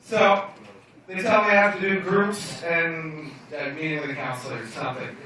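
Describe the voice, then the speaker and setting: A man's voice: fairly high pitch, steady tone, normal speed, a crowd in the background. A young man doing a stand-up comedy set in a bar lounge, telling stories in a brash, profane, self-mocking way. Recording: echoey bar room from far off.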